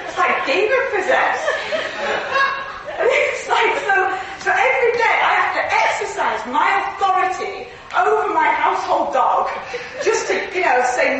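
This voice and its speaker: A woman preaching a sermon in a church, earnest and lively, often laughing through her stories. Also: very high voice, moderate pace, slight background noise. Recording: echoey hall from far off, faint ambience.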